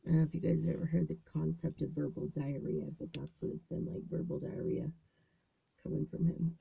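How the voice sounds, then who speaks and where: With a deep, creaky voice that has a breathy edge, a woman in her fifties vlogs a rambling story fairly quickly yet in a steady tone. She uses many fillers and restarts and whispers at times. The audio is tinny and phone-like, recorded in a small closet.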